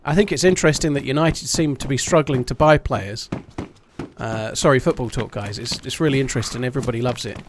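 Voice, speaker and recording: A man's voice: medium pitch, quick pace, a little hiss or hum. A man chatting casually on a live game stream at home, swearing freely and thanking his supporters. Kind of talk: casual live-stream chat while gaming.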